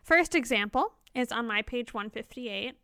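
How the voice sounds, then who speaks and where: A woman's voice: fairly high pitch, expressive, normal speed, bright, forceful tone, smooth, dry recording, studio quality. A woman co-hosting a casual book discussion podcast, reading quotes aloud and playfully mimicking characters. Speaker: podcast co-host.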